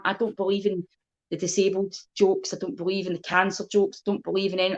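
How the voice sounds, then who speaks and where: On a lo-fi recording, a Scottish woman's medium-pitched voice comes through as she chats as a guest. A comedian, she tells lively stories in a blunt, sweary way.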